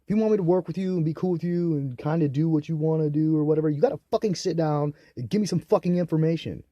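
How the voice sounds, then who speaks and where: A man's voice: a little high, animated, fast talker, no echo, highs cut off. Bitter, swearing young man ranting. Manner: profane, bitter and ranting, with loud outbursts. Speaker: vlogger. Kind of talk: angry solo rant to camera.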